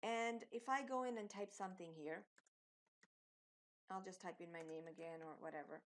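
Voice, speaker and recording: A woman's voice: fairly low pitch, moderate pace. A woman teaching web design, explaining code step by step in a screen-recorded tutorial, with some fillers.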